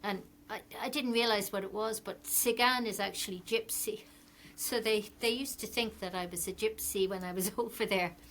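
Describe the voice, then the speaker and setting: A middle-aged Irish woman talks in a relaxed, rambling way, stopping often for ums as she tells her stories. Her voice sits in an ordinary middle register. A faint hiss runs behind her. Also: mid-range voice, moderate pace. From Ireland. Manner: rambling, chatty storytelling with frequent ums. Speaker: guest, fashion designer. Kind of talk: casual interview chat.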